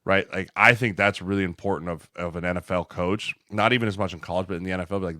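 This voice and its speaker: A man with a lowish voice on a football podcast, laying out his points earnestly and checking in with "right?" after each one. He sounds close and dry on the mic. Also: fairly even intonation, fast, few pauses, sharp tone, no echo. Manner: earnest, explanatory, keeps adding "right?". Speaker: podcast co-host, former offensive lineman. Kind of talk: casual chat.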